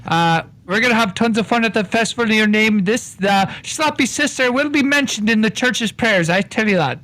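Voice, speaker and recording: Male player doing a brash Irish con man: high, bright, crude and ingratiating. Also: normal speed. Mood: fawning. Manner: swaggering, sweary, fawning in turns. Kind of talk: tabletop role-play in character.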